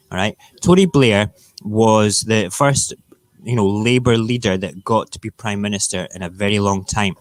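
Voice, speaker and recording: Ranting Scottish man, low voice. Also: moderate pace, dry recording. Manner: blunt, heated, swearing freely. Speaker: live show host. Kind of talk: ranting morning talk stream.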